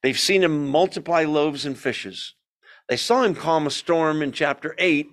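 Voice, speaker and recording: A man with a slightly high, slightly bright voice speaks a little slowly while teaching a Bible study. He keeps it conversational, asks the group questions, and tells the story with energy.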